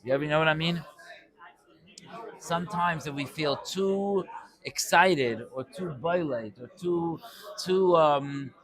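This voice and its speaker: Rabbi lecturing to a crowded room. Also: male voice, a little high, a crowd in the background. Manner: conversational, acts out quick dialogue. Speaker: rabbi giving a Torah class. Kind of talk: informal Torah lecture.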